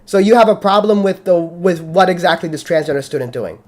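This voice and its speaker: A male host runs a live call-in debate, cutting in bluntly and swearing often. His voice sits a little high, and he presses his points hard. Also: animated, a little fast, darkish tone, slight background noise. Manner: heated, blunt, profane arguing.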